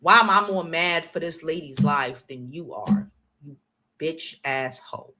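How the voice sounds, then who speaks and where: A woman from the United States hosting her own channel, ranting on a livestream in a blunt, profane, confrontational way, swinging between loud outbursts and low muttering. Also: expressive, normal speed. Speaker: channel host. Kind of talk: livestream commentary rant.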